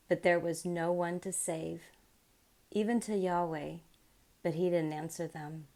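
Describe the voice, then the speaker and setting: Slow, mellow-voiced woman reading scripture. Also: fairly low pitch. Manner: unhurried, measured reading; chatty and excited when speaking off the text. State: losing her voice from illness. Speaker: Bible reading channel host.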